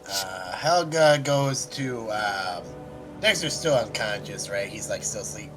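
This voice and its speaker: A man's voice: lowish voice, lively intonation, measured pace, music in the background, low-quality recording. A man playing a tabletop game, talking hesitantly and casually. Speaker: player.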